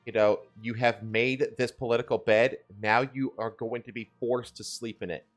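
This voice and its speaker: A man with a mid-range voice co-hosts a casual political news chat. He builds long, emphatic rants, slowing down to stress his points and filling gaps with "um" and "like", over faint background music. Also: medium pitch, fairly even intonation. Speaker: co-host of a news talk stream.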